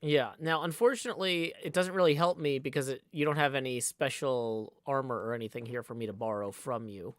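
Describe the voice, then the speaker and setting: Man, live-stream game chat, playful, chatty, dry close mic, mid pitch. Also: fairly quick, few pauses, no room sound. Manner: playful, chatty, joking asides. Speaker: streamer playing a card game.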